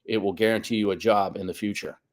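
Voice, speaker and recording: A man's voice: lowish voice, steady tone, fast talker. A man in his fifties telling a long personal story as a guest on a podcast, acting out the voices of the people he quotes. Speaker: guest soccer coach. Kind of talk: casual storytelling interview.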